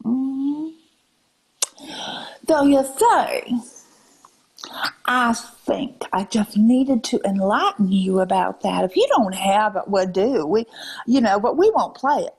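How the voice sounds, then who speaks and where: A woman in a put-on Southern drawl lecturing viewers on a live stream, scolding them and calling them ma'am and darling, often dropping into breathy half-whispers. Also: on the high side, expressive, takes it slowly, long pauses, poor audio.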